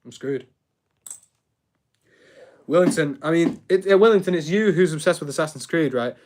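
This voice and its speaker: Young guy streaming and building, kinda high voice, rambly, keeps tripping over words. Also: moderate pace, darkish tone. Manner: chatty, rambling, reacts to chat and trips over words. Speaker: live streamer. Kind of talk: casual live-stream chat while building.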